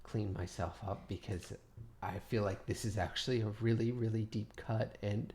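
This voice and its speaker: A man voicing a touchy young female student who is quick to tears and then turns threatening. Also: lowish voice, fairly even intonation, very noisy, voice pushed down, natural voice. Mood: sulking.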